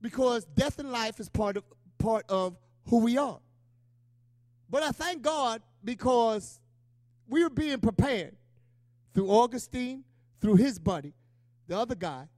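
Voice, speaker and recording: High-voiced man preaching a sermon. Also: lively intonation, measured pace, long pauses, a little mellow, no echo. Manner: emotional, conversational preaching with call-and-response asides. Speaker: pastor.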